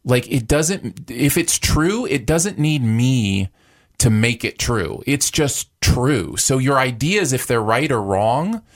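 A man's voice: medium pitch, animated, takes it slowly. A man co-hosting a podcast, talking casually and pressing his points emphatically. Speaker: podcast co-host. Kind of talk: casual conversation.

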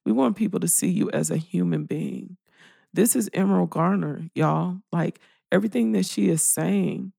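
Female host, tender and direct; deep fry, animated pitch, dry studio sound. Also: dry recording. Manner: tender, speaks directly to the guest. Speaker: podcast host. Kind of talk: heartfelt interview talk.

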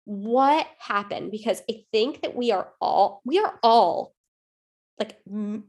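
A woman co-hosting a podcast, telling a story in loose, animated chat. She leans on fillers and restarts as she talks. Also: medium pitch, takes it slowly. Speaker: podcast co-host. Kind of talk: casual chat.

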